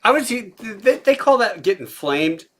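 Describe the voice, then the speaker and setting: Relaxed male podcast host. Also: sits high, normal speed, a little hiss or hum. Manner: relaxed, conversational, searching for words. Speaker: podcast host, military veteran. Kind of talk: casual chat.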